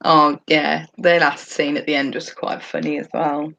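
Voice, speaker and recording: Chatty woman, slightly low voice. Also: little pitch movement, moderate pace, creaky, a bit bright, highs cut off. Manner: chatty, laughs often while talking. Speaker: podcast co-host. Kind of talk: casual chat about a TV episode.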